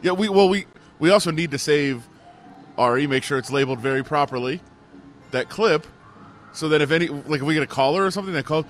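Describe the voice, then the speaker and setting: A man co-hosting a sports radio show, excitable and quick to laugh as he tells stories. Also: on the high side. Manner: excitable, laughs often, storytelling. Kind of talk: casual sports talk.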